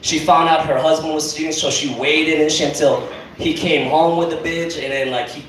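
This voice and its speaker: A man's voice: on the high side, steady tone, moderate pace, fairly bright tone, a little hiss or hum. A young man doing a rambling, profane stand-up set on a comedy club stage. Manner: rambling, profane, lots of fillers. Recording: echoey club, mic from far off, crowd. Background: audience laughing.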